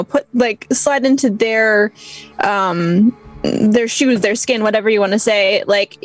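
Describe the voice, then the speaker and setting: A woman's voice: a little high, low-quality recording. A woman co-hosting a casual live-stream chat, thinking aloud and filling gaps with "like" and "you know". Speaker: co-host and role player.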